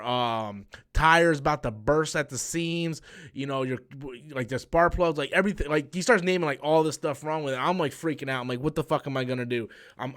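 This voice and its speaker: A young man with a drawl chats loosely on a live stream. His voice is smooth and clean, at a middle pitch, and he rambles through a story with lots of "um" and "like.". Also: a bit bright. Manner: rambling storytelling with many fillers and restarts. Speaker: comics channel host. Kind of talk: casual live-stream chat.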